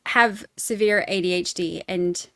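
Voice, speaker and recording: A woman's voice: on the low side, fairly even intonation, a little slow, bright, forceful tone, no room sound, clean studio sound. A woman hosting a casual true crime live stream, chatting and reading viewer comments aloud. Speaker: true crime livestream host.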